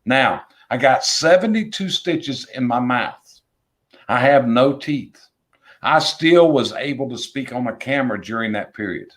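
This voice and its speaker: A middle-aged Southern US business coach speaks bluntly and emphatically as a guest in a casual interview, repeating his points for effect. His medium-pitched, fairly bright voice is expressive and moves at a normal speed with hardly any pauses.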